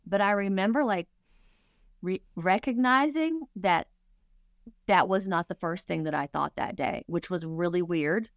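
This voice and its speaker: A woman's voice: lowish voice, measured pace, dry recording. A middle-aged woman, a grief counselor, speaking candidly and earnestly in a conversational interview, acting out her own past thoughts as she talks.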